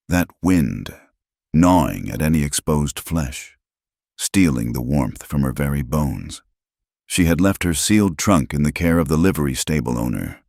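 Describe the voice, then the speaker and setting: A man narrating a scripted western tale in a measured, dramatic reading style. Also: rumbling low, gravelly, a little mellow, no room sound, clean studio sound.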